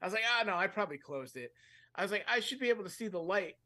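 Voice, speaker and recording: Podcast co-host, man, slightly high voice, rambling animated storyteller who laughs mid-line. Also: racing. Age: adult, with a fiance. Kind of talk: casual comedic storytelling.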